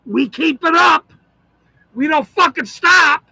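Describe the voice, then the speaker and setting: A man in a profane, shouting monologue, ranting as the host of his own channel. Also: extremely high pitch, animated, takes it slowly, vocal fry, no echo, poor audio. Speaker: citizen auditor channel host.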